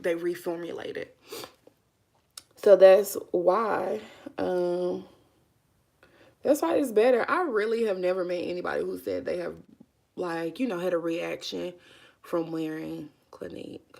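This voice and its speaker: Chatty woman, gravelly voice. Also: fairly low pitch, fairly even intonation, moderate pace. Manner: chatty, folksy, says y'all and honey a lot. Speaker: beauty vlogger. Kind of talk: casual makeup tutorial chat.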